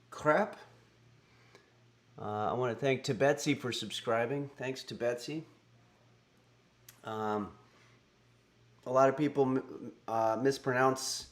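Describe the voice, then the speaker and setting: A middle-aged man hosts a cooking livestream at an unhurried crawl. His delivery is dry and deadpan, and he stops and restarts his sentences with plenty of ums and uhs. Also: medium pitch. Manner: deadpan, halting with fillers. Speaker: cooking stream host. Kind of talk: casual livestream chat.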